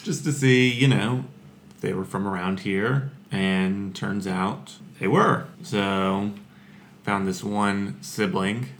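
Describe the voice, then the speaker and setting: Man, podcast guest, deep voice, dry humor, relaxed, faint background noise. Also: takes it slowly. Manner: relaxed, dry humor, says "if you will". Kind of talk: casual storytelling.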